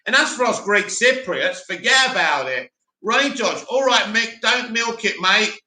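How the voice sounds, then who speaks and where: A man hosting a live stream, reading viewer comments aloud and giving animated, opinionated replies. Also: high voice, moderate pace. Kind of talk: casual live chat reading. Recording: roomy echo.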